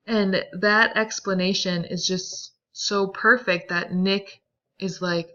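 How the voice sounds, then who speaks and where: A woman teacher explaining a novel to a class, chatty and animated, with many fillers. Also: mid-range voice, takes it slowly, highs cut off. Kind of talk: classroom reading and commentary.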